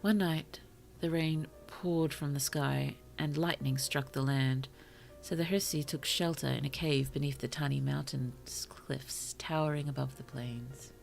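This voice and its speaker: A woman streamer reading short stories aloud to her chat, slow and careful, with apologetic asides between passages. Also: a bass voice, fairly even intonation, creaky, darkish tone, faint music behind. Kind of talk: story reading on a livestream.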